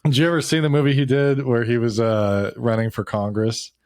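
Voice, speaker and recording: A man chatting casually on a podcast. His voice sits at an ordinary middle pitch, and he laughs often. He acts out film scenes as he retells them. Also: flat delivery, a little fast, a little mellow. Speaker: podcast co-host. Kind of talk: casual chat.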